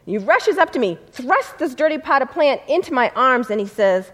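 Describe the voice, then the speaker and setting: A woman's voice: sits high, very animated, normal speed. A woman, a civil rights lawyer, earnestly telling a story in a talk. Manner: earnest, vivid retelling.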